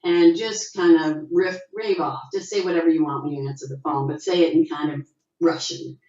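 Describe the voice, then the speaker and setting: A middle-aged woman, an actress, telling stories in a casual interview over a video call, acting out quotes with a lifted voice. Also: normal speed. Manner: animated storyteller, acts out quotes with rising pitch. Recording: dull, roomy video call audio.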